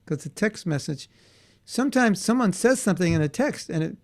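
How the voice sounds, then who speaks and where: Gravelly-voiced man teaching kids. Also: high-pitched, expressive, a little fast. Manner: conversational, checks in with students, frequent restarts. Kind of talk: online class for children.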